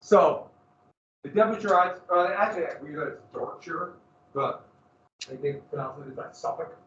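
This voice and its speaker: High-voiced male teacher in an echoey classroom. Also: moderate pace. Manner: lively storytelling, questions the class. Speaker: history teacher. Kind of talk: classroom lecture. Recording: echoey classroom from far off, dull lo-fi.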